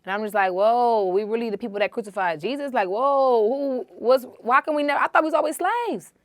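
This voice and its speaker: Animated woman host in a dry room. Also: a little high, brisk, no room sound. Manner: animated storytelling with quoted asides. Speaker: podcast host. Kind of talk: casual conversation.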